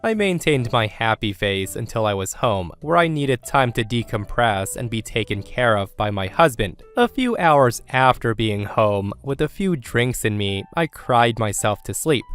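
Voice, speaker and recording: A man narrating a scripted first-person story in a steady, even reading voice. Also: medium pitch, unhurried, hardly any pauses, clean tone. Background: faint music.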